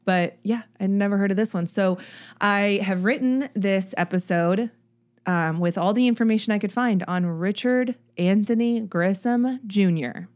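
A chatty woman hosts a casual true-crime podcast. Her voice is mid-pitched. She talks in an animated, self-deprecating way. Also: moderate pace. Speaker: podcast host.

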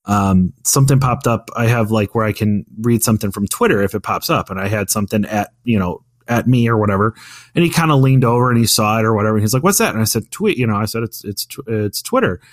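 A man in his thirties with a fairly low, animated voice talks fast, recorded in clean studio sound with no room sound. Co-hosting a podcast, he tells a story in casual chat, rambling with many fillers and restarts.

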